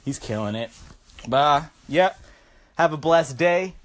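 A man's voice: a little high, animated, takes it slowly. A stoned young man hosting a podcast, telling a rambling, profane comic story into his phone. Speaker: podcast host.

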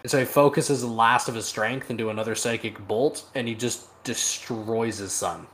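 A man's voice: medium pitch, steady tone, normal speed, fairly bright tone, slight background noise. A man co-hosting a podcast, retelling a story in casual chat, swearing freely and laughing as he goes, recorded over a remote call. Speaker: podcast co-host. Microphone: remote call microphone.

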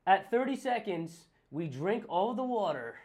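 A man's voice: sits high, big pitch swings, unhurried, a little mellow. A man co-hosting a casual podcast, cursing and gasping in strained whispers as his mouth burns from a spicy chip. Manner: curses and gasps, drops to strained whispers. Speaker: podcast co-host. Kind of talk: casual chat.

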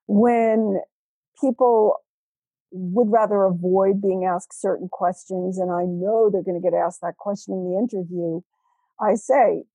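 A woman's voice: medium pitch, fairly even intonation, unhurried, dark tone, dry recording, rough recording. A woman guest on a podcast, explaining her career coaching work in an earnest way. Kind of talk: casual interview chat.

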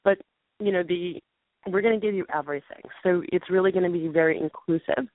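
A woman in her late twenties, co-hosting a call-in show, losing her voice and talking earnestly with restarts and throat clearing. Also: fairly low pitch, fairly quick, no echo. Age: 20s. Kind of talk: casual show announcement. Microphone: phone call. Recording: tinny dry phone line.

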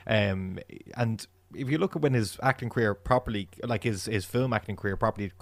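A man's voice: fairly low pitch, a little fast, no echo. A man co-hosting a casual film podcast, running through facts and years one after another. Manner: lists facts and years in a steady run. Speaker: podcast co-host.

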